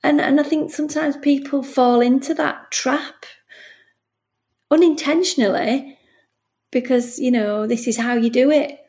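In a casual podcast interview, a middle-aged bereavement midwife describes her work with earnest emotion, often restarting sentences and acting out exchanges in quoted dialogue. She speaks unhurriedly in a high-pitched, darkish voice with fairly even intonation.

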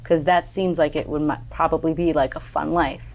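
A woman hosts a casual interview with an enthusiastic, chatty manner. Her voice sits on the lower side, and "like" runs all through her questions. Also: steady tone, fairly quick, a little mellow. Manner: enthusiastic, uses lots of "like". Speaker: interview host.

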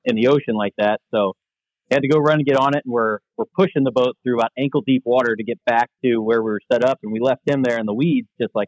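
A man as a podcast guest, telling lively stories about leading group outings in a casual, talkative way. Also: mid-range voice, fast talker, dry recording, rough recording. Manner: animated, anecdotal storyteller. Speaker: guest, veterans outdoor program leader. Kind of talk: casual interview storytelling.

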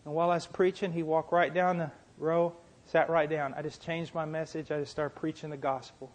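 A middle-aged man preaching a sermon, telling a story with impassioned, repetitive emphasis that swells toward fervent shouting. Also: fairly high pitch, level tone, brisk. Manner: impassioned, rising to shouting fervor.

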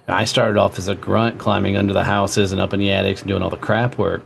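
A man's voice: deep voice, little pitch movement, quick pace, vocal fry, a little hiss or hum. A man guest telling a blunt, profane story in a casual interview. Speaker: guest, entrepreneur.

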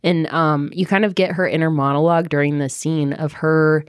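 A woman's voice: low voice, fairly even intonation, normal speed, no echo, studio quality. A woman co-hosting a book podcast, talking in a chatty, filler-heavy way as she retells scenes. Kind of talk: casual book club chat.

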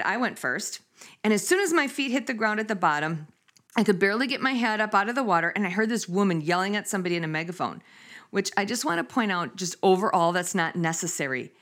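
A woman in her fifties hosting a casual chat, telling stories with laughter and acting out quotes. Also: medium pitch. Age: 50s. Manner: animated, laughing, acts out quotes.

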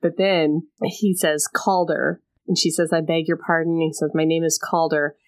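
A woman in casual chat, retelling a story with quick voiced asides and laughs. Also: deep voice, flat delivery. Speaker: podcast co-host recapping a novel.

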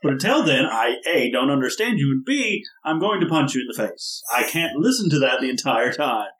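A man's voice: medium pitch, big pitch swings, brisk, fairly bright tone. A man in casual podcast chat about tabletop gaming, talking in an emphatic, exasperated, ranting way. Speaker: podcast co-host, tabletop gamer. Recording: roomy echo.

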